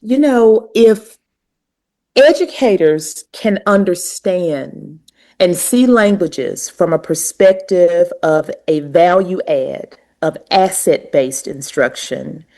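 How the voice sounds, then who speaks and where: A woman with a strong Southern US drawl explains her ideas in an earnest, emphatic way. Her voice sits on the lower side and comes across as reflective as she builds her points. She has the unhurried delivery of an experienced educator. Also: animated, dark tone. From Southern United States, North Carolina. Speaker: guest, language educator. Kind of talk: conversational interview.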